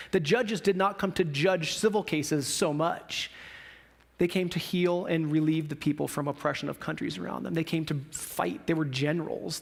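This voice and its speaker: A man pastor preaching a sermon in a conversational style, with emphatic rises when he speaks for God and the prophets. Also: sits high. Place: church sanctuary.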